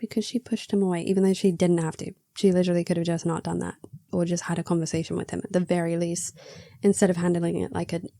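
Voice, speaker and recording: A woman's voice: on the low side, level tone, fast, vocal fry, dark tone, no echo, studio quality. A young woman reviewing a book in casual chat, sarcastic and chatty, acting out the characters' lines.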